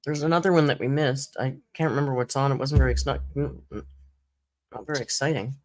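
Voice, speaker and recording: A woman with a bass voice hosts a casual live-stream chat as a YouTube commentary host, her tone steady and darkish, her pace quick. She tells stories in a chatty way, laughs often, and acts out other people's lines.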